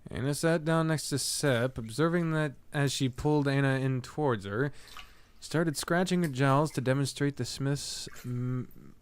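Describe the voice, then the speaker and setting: A man's voice: mid-range voice, unhurried, smooth. A man reading a story aloud live, dropping wry, dry asides between passages. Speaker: host and narrator.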